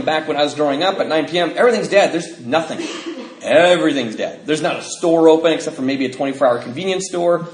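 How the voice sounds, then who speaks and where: A man speaking at a recovery convention, telling his story in an animated, self-mocking way and acting out the quotes. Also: fairly high pitch. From Washington State, USA. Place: large convention hall. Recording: echoey hall recording with background noise.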